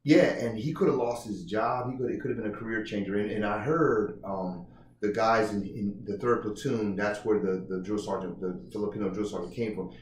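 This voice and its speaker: A man being interviewed about his book, telling stories in a lively, halting way and acting out what others said. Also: on the low side, a little hiss or hum. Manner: animated, restarts often, acts out quotes. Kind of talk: casual interview storytelling. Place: indoor room. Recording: roomy, distant mic, faint ambience.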